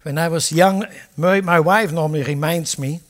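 An older man preaching a sermon with passion, moving from quiet asides to loud declarations. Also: a little high, normal speed. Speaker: pastor. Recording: long hall reverb.

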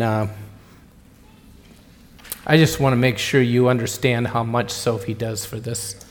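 A man's voice: medium pitch, a little hiss or hum. A middle-aged man preaching, a pastor telling jokes in a rambling, chatty way that keeps interrupting itself. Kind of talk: sermon with jokes. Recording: echoey church hall.

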